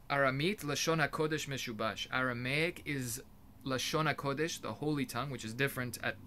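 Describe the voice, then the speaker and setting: A man with a medium-pitched, sharp-toned voice gives an informal explanatory talk as a religious teacher. He's earnest and emphatic, often restarting his sentences mid-thought.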